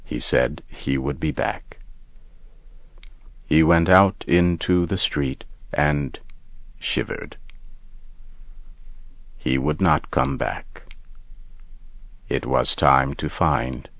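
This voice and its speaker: A man narrating a story in a slow, measured, deliberate way. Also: creaky, no room sound, lo-fi sound. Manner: measured, deliberate, low and calm. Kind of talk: slow scripted story reading.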